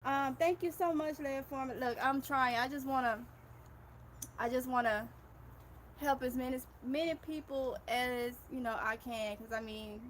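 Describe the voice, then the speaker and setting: A woman in her thirties with a Mississippi Southern accent chats on a gardening livestream, reading viewer comments out loud and gushing over her audience as "y'all." Her high voice is steady and a little slow, with slight hiss or hum in the recording.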